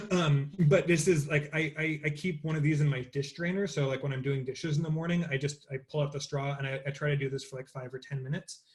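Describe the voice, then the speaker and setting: A man's voice: a little high, fairly even intonation, fairly quick. A man leading an interactive online voice lesson, talking casually with many fillers and demonstrating vocal sounds over a computer mic. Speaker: voice teacher.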